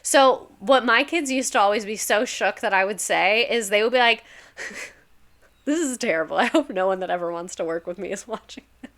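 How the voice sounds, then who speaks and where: A woman's voice: mid-range voice, normal speed, a bit bright. A young woman, a former teacher, chatting casually on a livestream, reading stories aloud, laughing often and swearing freely.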